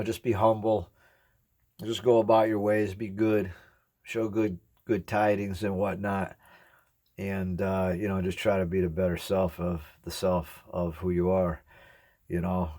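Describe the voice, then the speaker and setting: A man's voice: lowish voice, a little mellow. A man in his forties talking earnestly to his viewers in a rambling, reflective way, eating as he speaks. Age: 40s. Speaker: ASMR YouTuber. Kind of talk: casual reflective talk to camera.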